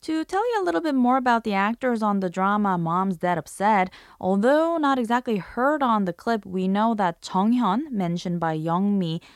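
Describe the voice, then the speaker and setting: A woman hosts a scripted language lesson and explains usage step by step. Her pitch swings widely as she acts out sample phrases to show intonation. The recording is dry and close, with no room sound. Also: lively intonation, normal speed, hardly any pauses, clear, resonant tone, no room sound. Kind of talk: scripted radio-style lesson narration.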